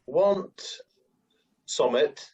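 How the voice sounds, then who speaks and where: A man's voice: fairly high pitch, expressive, extremely slow, darkish tone. A man playing a cheeky, teasing young charmer. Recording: distant, dull lo-fi sound.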